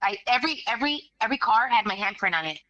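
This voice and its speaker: A woman, a guest telling a story in casual animated talk, acting out the voices of others. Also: on the high side, fast, no echo, muffled recording. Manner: animated, acts out quoted voices, swears casually.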